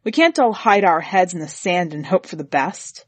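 A woman voicing a grumbling, contemptuous middle-aged husband in a read-aloud story, lowering her voice and speaking with gloomy scorn. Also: animated, moderate pace, husky, no room sound. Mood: scornful.

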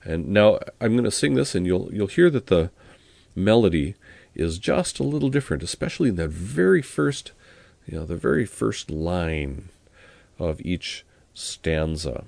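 Male teacher, low, unhurried delivery; talks through Latin hymns and chants plainsong verses. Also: vocal fry, dry recording. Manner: relaxed explanatory talk with fillers. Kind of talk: spoken explanation and sung Latin hymn.

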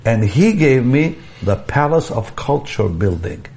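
An older man telling a personal story in an interview, animated, often repeating words, restarting phrases and chuckling. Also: medium pitch, unhurried. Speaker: evangelist guest telling a story.

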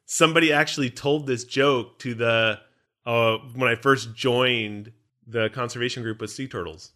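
A man co-hosting a podcast in casual, joking banter, animated and self-mocking. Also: medium pitch, normal speed. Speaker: podcast co-host.

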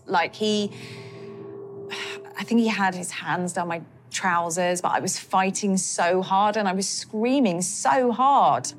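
A woman giving an emotional interview testimony, speaking in a halting way with many fillers. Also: medium pitch, soft background music. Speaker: interviewee recounting a personal account.

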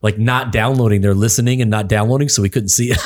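A man's voice: lowish voice, fairly even intonation, fast, a little mellow, dry recording. A man co-hosting a podcast, chatting casually in a laid-back way and laughing often. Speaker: podcast co-host.

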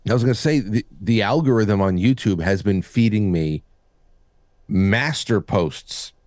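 A man's voice: lowish voice, measured pace, a little mellow, dry recording, studio quality. A man co-hosting a talk show in casual chat, stammering and restarting sentences often. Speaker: podcast co-host.

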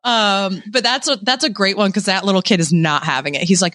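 Bright, animated woman storyteller. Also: mid-range voice, a little fast, few pauses, no echo, clean studio sound. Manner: animated storyteller, acting out quoted voices. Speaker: podcast co-host. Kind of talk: casual chat.

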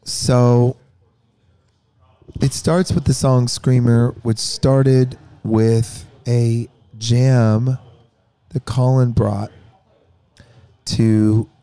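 A man in casual podcast chat, talking with a voice weakened by a cough and making wry, deadpan jokes. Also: mid-range voice, drawn-out words, long pauses, clear, resonant tone. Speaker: band member on a podcast.

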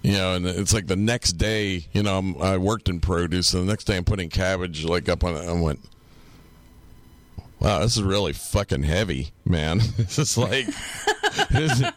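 Low-voiced man telling rambling stories. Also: big pitch swings, normal speed, dry recording. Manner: rambling, profane, laughs through his stories. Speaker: podcast co-host. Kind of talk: casual storytelling chat.

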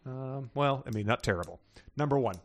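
A man's voice: lively intonation, a little fast. A man hosting a podcast, reading short stories aloud and chatting casually, often laughing. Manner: reads stories aloud, voices characters with raised pitch, laughs often. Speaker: podcast host reading passages. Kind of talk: read-aloud storytelling with casual chat.

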